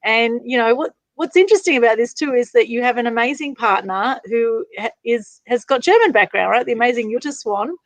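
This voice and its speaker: A woman's voice: on the high side, fairly quick, no echo, rough recording. A woman hosting an interview over a video call, effusive and rambling, heaping praise on her guest. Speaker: interviewer, host.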